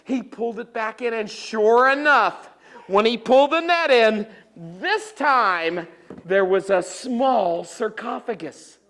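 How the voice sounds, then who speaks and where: A woman leading a library story time, talking directly to children in an animated way. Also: on the high side, slow pace.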